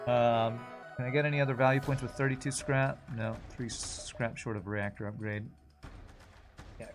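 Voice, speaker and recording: A man commentating his own live gameplay in a relaxed, chatty way. He swears freely and laughs easily as the run goes on. Soft game music plays quietly underneath, and his voice sits at an ordinary, average pitch. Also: moderate pace. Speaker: streamer.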